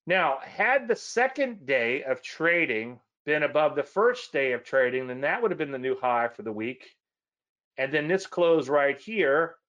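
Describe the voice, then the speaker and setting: A man's voice: medium pitch, fairly bright tone. A man giving a casual trading lesson, chatty and rambling, often correcting himself mid-sentence. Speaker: trading educator. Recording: slightly dull lo-fi audio.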